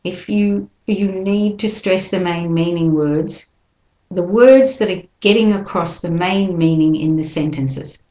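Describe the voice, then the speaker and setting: A woman teaching an English pronunciation lesson, slowly modelling words and sentences for listeners to repeat. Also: fairly low pitch, mellow. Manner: slow, careful modelling of words for repetition. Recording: echoey room.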